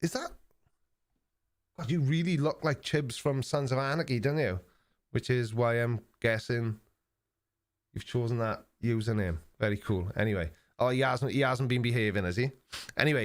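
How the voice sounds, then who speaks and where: An older man from England chatting casually on his live stream, reading out viewer comments with dry, sarcastic banter. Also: medium pitch. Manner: dry sarcastic banter, mock-offended asides.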